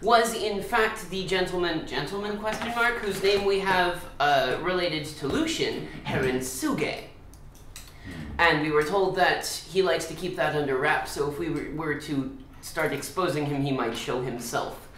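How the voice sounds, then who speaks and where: A man's voice: fairly high pitch, unhurried, fairly bright tone, roomy sound, a little hiss or hum. A man playing in a tabletop game, wry and dry-humored while recapping the story. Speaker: player.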